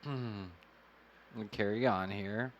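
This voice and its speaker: A man's voice: lowish voice, steady tone, slow pace, lo-fi sound, a little hiss or hum. A man co-hosting a casual podcast, reading trivia aloud in a laid-back way and swearing freely. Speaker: podcast co-host, son.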